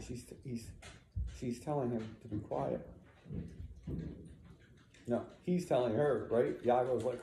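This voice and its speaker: A man's voice: mid-range voice, a little slow, vocal fry, pauses often, mellow. A man reading a play aloud and explaining it in a conversational way, often checking in with "right?". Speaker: teacher. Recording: roomy echo.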